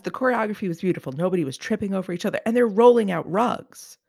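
Podcast cohost, wry and animated, hams things up, mid voice, dry close mic. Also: medium pitch, fast talker, gravelly, dry recording. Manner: wry, animated, exaggerating for comic effect. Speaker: podcast co-host. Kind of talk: casual chat.

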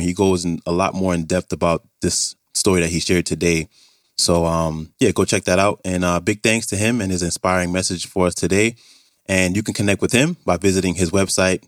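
Very deep-voiced host in a dry room. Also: male voice, no room sound. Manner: casual with fillers. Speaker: channel host. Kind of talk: outro narration.

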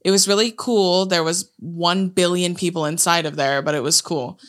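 A woman's voice: lowish voice, fairly even intonation, moderate pace. A woman co-hosting a podcast, telling stories animatedly in casual chat with lots of swearing and laughter. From Hawaii. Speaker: podcast co-host.

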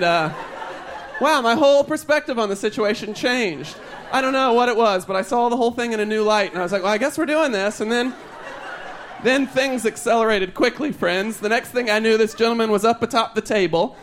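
High-voiced man doing stand-up. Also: a bit bright, a little hiss or hum. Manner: chatty, rambling, laughs at his own jokes. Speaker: stand-up comedian. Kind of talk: stand-up comedy set. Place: live comedy show stage.

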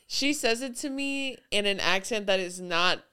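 A woman's voice: medium pitch, animated, moderate pace, bright, forceful tone, clear, resonant tone. A woman co-hosting a casual podcast chat, laughing often and quoting viral clips. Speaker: podcast co-host.

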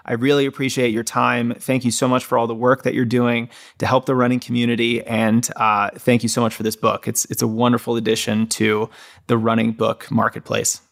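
Gravelly-voiced man hosting a podcast. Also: medium pitch, flat delivery, a little fast, fairly bright tone. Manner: enthusiastic, friendly, with filler words. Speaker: podcast host. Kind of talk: casual podcast interview.

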